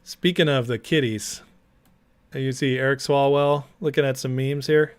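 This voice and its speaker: A man's voice: mid-range voice, fairly even intonation, smooth. A man hosting a casual livestream watch party, upbeat and chatty, reading viewers' names aloud. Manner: upbeat, reads chat names aloud rapidly. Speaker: livestream host.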